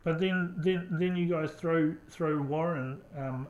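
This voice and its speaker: A man's voice: fairly high pitch, little pitch movement, measured pace, poor audio. A man interviewing someone in a confrontational way, pressing his points persistently.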